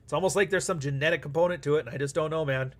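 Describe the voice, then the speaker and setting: A man's voice: on the high side, very fast. A man hosting a live stream, talking casually and bluntly with plenty of swearing and acting out back-and-forth dialogue as he answers super chats. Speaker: livestream host.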